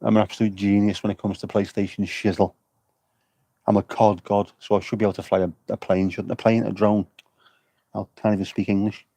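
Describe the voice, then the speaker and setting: A man's voice: fairly low pitch, level tone, brisk, dark tone, dry recording. A man livestreaming from an outdoor air show, rambling and joking with his chat. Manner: jokey, rambling banter with chat.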